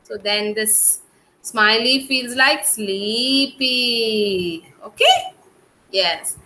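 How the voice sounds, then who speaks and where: A woman's voice: a little high, animated, extremely slow, bright, forceful tone, slight background noise, poor audio. A woman with an Indian English accent teaching a kindergarten class over a video call, coaxing and drawing out words for young children.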